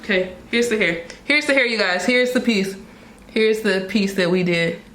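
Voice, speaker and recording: A young woman, excitedly unboxing and reviewing a wig, repeating herself and laughing often. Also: mid-range voice, normal speed, echoey room. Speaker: beauty vlogger reviewing a wig.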